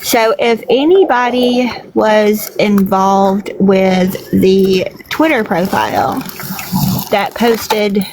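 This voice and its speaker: Woman, casual live-stream chat, rambling and giggly, middling pitch. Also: very slow, darkish tone, slight background noise, rough recording. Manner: chatty, laughs often, many fillers.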